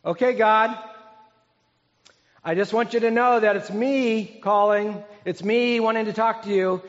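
A man's voice: high-pitched, pitched above the performer's own voice. A preacher playing a smug, preening praying man. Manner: boastful, preening, showy. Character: smug self-righteous man praying for show. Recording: dull, echoey hall recording.

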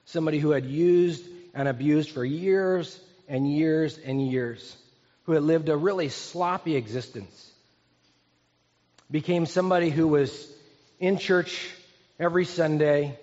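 A man preaching a sermon as a pastor, talking in a relaxed, storytelling way with pauses and restarts. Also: on the high side. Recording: dull, echoey hall recording.

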